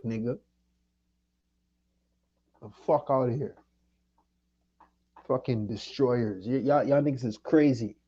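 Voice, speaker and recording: In a lo-fi clip, a man from Jamaica angrily goes off on someone during his livestream, profane and confrontational. His voice is medium-pitched and warm with a breathy edge.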